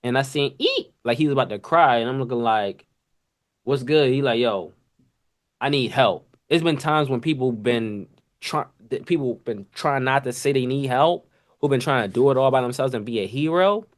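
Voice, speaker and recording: A man hosting a podcast, telling casual stories from restaurant kitchens in an animated, slangy way, acting out sounds and coworkers' voices. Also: medium pitch, brisk. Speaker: podcast host. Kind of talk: casual storytelling monologue.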